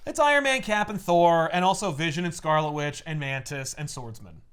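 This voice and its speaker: An animated man hosts a casual podcast and recaps a comic with lots of enthusiasm. His voice is high for a man and swings widely in pitch. He keeps slipping into quick character voices. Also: smooth. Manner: animated, laughing, acts out characters. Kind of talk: casual chat.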